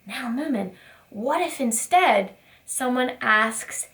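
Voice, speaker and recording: Preschool teacher lady, high bouncy voice, talks like it's circle time. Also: animated, slow. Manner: warm sing-song teacher voice, asks children questions. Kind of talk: circle time lesson for young children.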